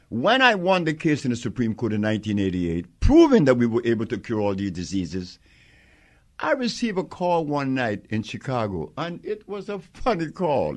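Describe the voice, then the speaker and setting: An older man in an interview, telling his stories with strong conviction. His pitch swings widely as he acts out both sides of remembered exchanges, and he breaks into laughter along the way. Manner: animated storyteller acting out quoted exchanges, emphatic, laughs often. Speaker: interviewee, herbal healer. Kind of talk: conversational interview storytelling.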